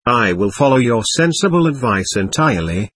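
A man's voice: medium pitch, sing-song, normal speed, fairly bright tone, slightly rough. A man voicing a keen, watchful prosecutor who presses his question coolly. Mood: insistent. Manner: cool, insistent.

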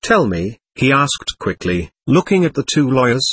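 A man narrating an audiobook in a steady, literary reading style. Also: medium pitch, normal speed, a little hiss or hum.

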